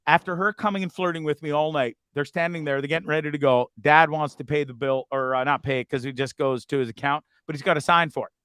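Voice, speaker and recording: Dude host telling a bar story, bright clear voice, laughing a lot, dry close sound. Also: male voice, on the high side, fast talker, few pauses, no room sound. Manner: animated, laughing, bro-ish banter. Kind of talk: casual storytelling chat.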